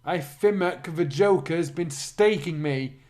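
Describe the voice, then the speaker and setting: A man voicing a frightened young woman in a pleading falsetto. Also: slow, a little mellow.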